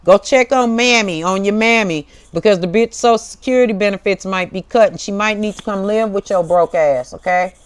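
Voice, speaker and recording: A woman's voice: medium pitch, a little fast, few pauses. Fiery, profane American woman preaching. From United States. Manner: fiery, profane, preachy, calls listeners baby. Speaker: tarot show host. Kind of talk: impassioned direct-to-camera monologue.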